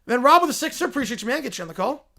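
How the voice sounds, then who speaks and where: A man hosting a casual live Q&A stream, answering chat questions with relaxed asides. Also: extremely high pitch, very fast.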